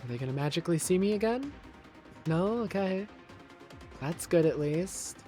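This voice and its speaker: Young man, gameplay streamer, fairly high voice, angry swearing rants, game music and gunfire behind. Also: lively intonation, normal speed, warm tone. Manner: frustrated, swearing, ranting at the game. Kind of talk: live gameplay commentary.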